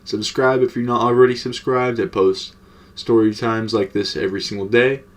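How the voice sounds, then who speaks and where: A man's voice: medium pitch, little pitch movement, normal speed. A young man telling a casual, slangy, profane story to his vlog audience. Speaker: storytime vlogger.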